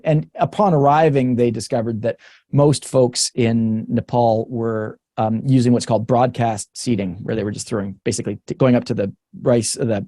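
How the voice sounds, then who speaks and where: A man's voice: mid-range voice, dark tone, no echo, studio quality. A Canadian man, a researcher guest in a webinar conversation, talking frankly and thinking aloud with many restarts and the odd laugh. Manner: laughs between points.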